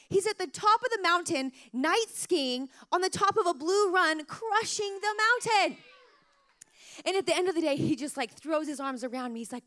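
A woman in her thirties, a mother telling emotional family stories in a casual, animated way, full of "like" fillers, her throat a little sore. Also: very high-pitched, normal speed. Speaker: mother sharing parenting stories. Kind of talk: casual storytelling to camera.

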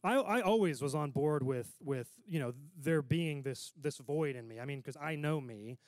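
A man's voice: on the high side, normal speed, darkish tone, dry recording. A man preaching a sermon in a casual, conversational way, often checking in with his listeners.

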